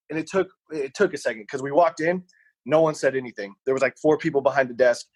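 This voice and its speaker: A man's voice: a little high, brisk, no room sound, low-quality recording. Man rambling through a story. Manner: rambling, animated anecdote with voiced quotes. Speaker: podcast co-host. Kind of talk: casual storytelling.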